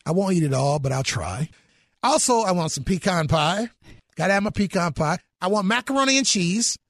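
A man's voice: high voice, expressive, moderate pace, a bit bright, dry recording. A middle-aged man in an enthusiastic interview chat, exclaiming about food. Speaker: guest.

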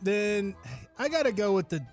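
Man, radio co-host, easygoing jokes, high voice. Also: lively intonation, moderate pace, soft background music. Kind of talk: casual studio banter.

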